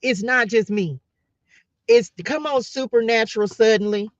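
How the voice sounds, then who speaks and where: A fairly high-pitched woman talks at a moderate pace as host of a spiritual live stream. Like a fervent preacher, she passionately repeats her points and calls out to her audience in a pep talk, recorded in dull, dry lo-fi sound.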